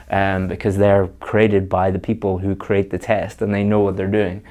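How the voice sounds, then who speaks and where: A man's voice: lowish voice, a little mellow. A man giving a spoken English exam lesson, conversational, with fillers and repeated words.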